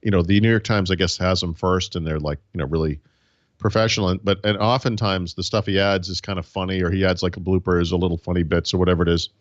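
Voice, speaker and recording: A man with a very low, deep voice chats on a tech podcast, circling his point with frequent restarts. The mic sound is dry and close, and the recording is slightly dull. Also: fairly even intonation, quick pace, dry recording. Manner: rambling, many false starts and restarts. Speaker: podcast co-host. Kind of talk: casual tech podcast chat.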